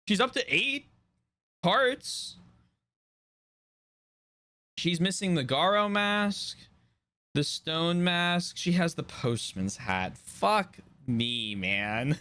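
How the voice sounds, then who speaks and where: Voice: medium pitch, lively intonation, extremely slow, long pauses, sharp tone. A co-commentator on a live game stream, laughing often and teasing the player. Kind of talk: casual live-stream banter.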